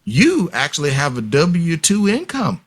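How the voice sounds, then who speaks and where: A man's voice: fairly high pitch, huge pitch swings, a little slow, husky. A man speaking as a guest expert on a podcast interview, explaining at length in an emphatic, lecturing way and addressing listeners directly. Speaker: guest expert on paternity fraud.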